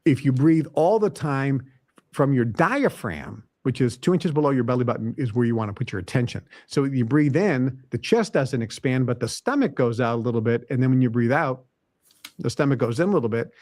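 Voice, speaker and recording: A man's voice: medium pitch, animated, brisk, a little mellow, no room sound, studio quality. Emphatic man giving motivational talk. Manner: emphatic, lists points and repeats them. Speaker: podcast host. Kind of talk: motivational self-help talk.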